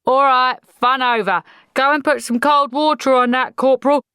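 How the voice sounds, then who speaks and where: A woman voicing a gruff male army sergeant who barks bluff, commanding orders in a storybook reading. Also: high-pitched, fairly even intonation, normal speed, pushed and bright, no echo, clean studio sound, pitched above the performer's own voice.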